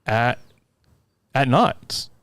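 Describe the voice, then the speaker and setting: Chatty animated storyteller man, dry mic. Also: mid-range voice, extremely slow, no room sound. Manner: animated storyteller who acts out voices and laughs often. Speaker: podcast guest, elementary school music teacher. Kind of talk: casual podcast chat.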